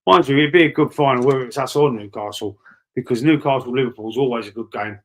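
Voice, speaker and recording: A man's voice: mid-range voice, quick pace, fairly bright tone. Matey Cockney man chatting on stream. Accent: London Cockney. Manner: chatty, matey, rambling with repeated words. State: breathy asthma-wheezy at times. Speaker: livestream host. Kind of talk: casual live chat reading viewer comments.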